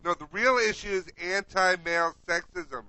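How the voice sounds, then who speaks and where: A man co-hosting a comedy podcast who talks in a halting, stumbling way during casual chat. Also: high-pitched, sharp tone, no echo, poor audio. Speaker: podcast co-host.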